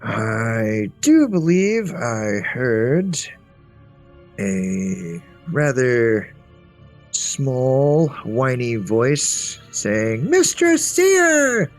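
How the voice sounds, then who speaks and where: A man's voice: mid-range voice, sing-song, extremely slow, faint music behind. A man voicing a forgetful old male wizard who rambles cheerfully and loses his thread. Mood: musing, cheerful. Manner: rambling, chipper, absent-minded.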